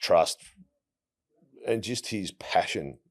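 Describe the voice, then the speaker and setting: Australian bloke in his 40s, very low voice, laid-back storyteller who trips over his words. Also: slow pace. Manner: relaxed, anecdotal, frequent restarts. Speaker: guest, retired footballer. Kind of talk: casual interview storytelling.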